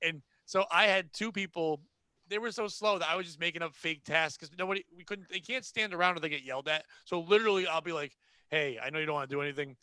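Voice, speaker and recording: A man hosting a podcast, telling casual comedic stories in an animated, profane way and acting out the people in them. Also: high-pitched, quick pace, clear, resonant tone, no room sound. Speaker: podcast host.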